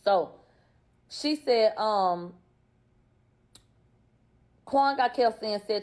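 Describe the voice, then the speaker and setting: A woman's voice: on the high side, very slow, long pauses, a little mellow. A woman in casual commentary, bluntly retelling court testimony with profanity and questions to her viewers. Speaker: YouTuber recapping court testimony.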